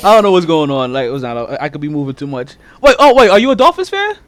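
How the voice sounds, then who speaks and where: A man hosting a casual sports podcast, animated and laughing, trash-talking over a call. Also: fairly high pitch, fast talker, no room sound. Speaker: podcast host.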